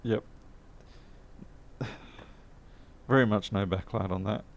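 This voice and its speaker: A man's voice: lowish voice, fairly even intonation, slow pace, vocal fry. A man talking casually to camera while repairing a laptop in his workshop, chatty and self-mocking, muttering as he works. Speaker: electronics repair technician. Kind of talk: casual workbench commentary.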